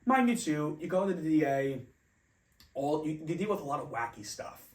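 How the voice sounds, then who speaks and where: A young man from New Jersey co-hosts a casual podcast and tells his stories with lively, acted-out voices. His voice sits a touch high for a man. He sounds a little distant from the mic, in a roomy space. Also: moderate pace. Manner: animated storyteller who acts out quoted voices. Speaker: podcast co-host. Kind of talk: casual chat.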